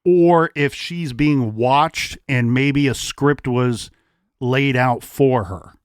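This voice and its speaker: A man co-hosting a true crime podcast, laying out a case timeline in measured, deliberate steps. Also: mid-range voice, smooth, dry recording, studio quality. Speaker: podcast co-host.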